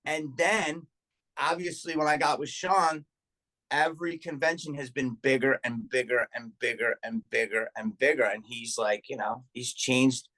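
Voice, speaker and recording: A middle-aged man, a comedian and podcast guest, telling profane, animated stories in casual chat and acting out what people said. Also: mid-range voice, moderate pace. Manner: profane, animated anecdote telling with acted-out quotes.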